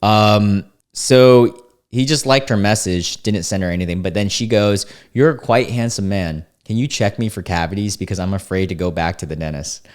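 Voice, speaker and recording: A man's voice: fairly low pitch, moderate pace, clear, resonant tone. A young man hosting a casual reaction commentary, reading dating-app chats aloud in an amused, laid-back way with frequent restarts. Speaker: commentary host reading screenshots.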